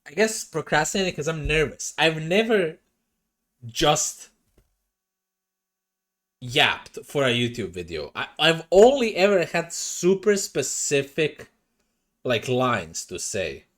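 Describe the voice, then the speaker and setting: Young guy streamer, animated up-and-down pitch, rambly and swears, home desk mic. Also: slow pace, long pauses. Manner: chatty, swears, self-conscious, talks to chat. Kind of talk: casual livestream chat. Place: home room. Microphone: desk microphone.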